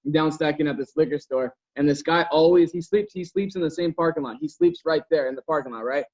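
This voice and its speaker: A man's voice: a little high, quick pace, darkish tone. A man hosting a podcast over a video call, telling a story in a rambling, profane way with lots of fillers. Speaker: podcast host. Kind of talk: casual storytelling chat. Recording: dull lo-fi video call audio.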